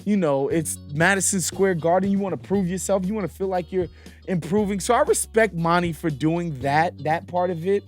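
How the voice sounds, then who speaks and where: A man from New York hosting a casual basketball commentary show, animated and opinionated, often laughing. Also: high-pitched, moderate pace, faint music behind. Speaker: host.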